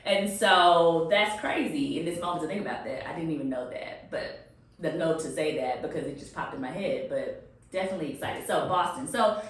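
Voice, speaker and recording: A woman's voice: deep voice, animated, fairly quick. A woman hosting a video podcast in an office, effusive and rambling as she introduces and chats with a guest. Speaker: podcast host. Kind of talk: enthusiastic interview chat. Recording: echoey office room.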